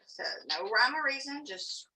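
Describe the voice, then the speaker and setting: A woman's voice: sits high, lively intonation, normal speed. Chatty woman teaching crafts from afar. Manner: chatty, loose, fillers and asides. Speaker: craft class instructor. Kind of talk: casual craft tutorial. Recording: distant mic, faint noise.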